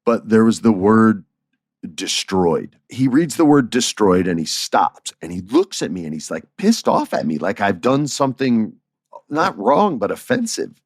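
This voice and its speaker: A man hosting a podcast, telling stories in a casual, animated way, chuckling and acting out dialogue. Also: fairly low pitch, normal speed, slightly rough, dry recording, studio quality. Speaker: podcast host. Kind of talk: casual storytelling.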